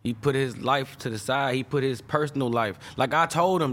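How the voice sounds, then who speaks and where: A young man who produces music, speaking in a loose, heartfelt, slang-heavy flow during an interview. His voice sits at an ordinary middle pitch, and he circles back on himself with repeated fillers as he works through his thoughts. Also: normal speed, fairly bright tone. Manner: rambling, emotional, peppers speech with slang fillers. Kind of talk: casual interview talk.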